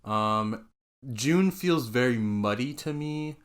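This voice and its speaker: A man's voice: mid-range voice, takes it slowly, clear, resonant tone. A teenage boy co-hosting a podcast in casual chat, jokey and often quoting people in put-on voices. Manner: animated, jokey, quotes others in voices. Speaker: podcast co-host.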